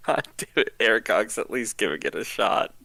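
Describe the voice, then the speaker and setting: A man playing in a tabletop game, casual and excitable, often laughing. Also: fairly low pitch, normal speed, vocal fry, noisy background. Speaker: player.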